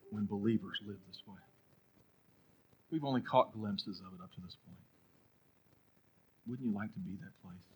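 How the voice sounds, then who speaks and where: A man preaching a sermon as pastor, telling a story, then swinging between loud urging and a hushed, prayerful hush. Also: lowish voice, slight background noise, rough recording.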